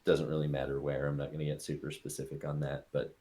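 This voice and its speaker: Deep-voiced man running a tabletop game. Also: quick pace. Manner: relaxed, casual narration with fillers. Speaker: game master.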